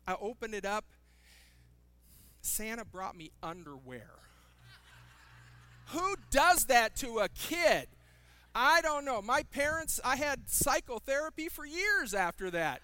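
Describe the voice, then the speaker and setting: A man's voice: very high-pitched, very animated, slow, long pauses, sharp tone. A man preaching a sermon as a pastor, telling funny stories and acting out the people in them. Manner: humorous storytelling with shifting character voices.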